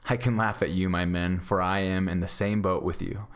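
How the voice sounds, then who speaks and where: A man's voice: deep voice, steady tone, normal speed, lightly acted. A man voicing a confident male outlaw leader in a storybook read-aloud, speaking in a wry, teasing way. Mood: amused.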